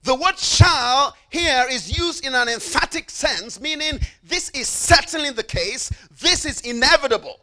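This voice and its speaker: An extremely high-pitched, animated man preaches in a bright, forceful tone. Emphatic throughout, he repeats key phrases and calls on the congregation to repeat after him, slowing for stressed phrases and rushing the asides.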